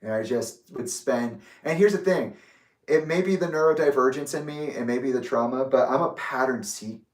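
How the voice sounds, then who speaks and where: A man's voice: medium pitch, normal speed, a little mellow. Candid young man rambling in an echoey room. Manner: rambling and candid, with restarts and swearing. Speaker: vlogger. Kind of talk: personal reflective monologue. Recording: roomy echo, distant from the mic.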